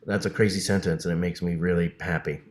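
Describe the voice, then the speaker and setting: A man's voice: sits low, fairly even intonation, fast talker, darkish tone. Chatty man on an echoey video call. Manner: enthusiastic, laughs often, frequent restarts. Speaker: voice actor guest. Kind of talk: casual interview chat.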